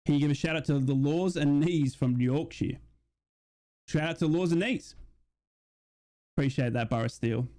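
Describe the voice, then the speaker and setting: A young man hosting a live football watch-along, chatting casually and reading out viewer shout-outs. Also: on the high side, normal speed, pauses often. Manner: chatty, reads out chat messages and shout-outs. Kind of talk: casual live-stream chat and mock commentary.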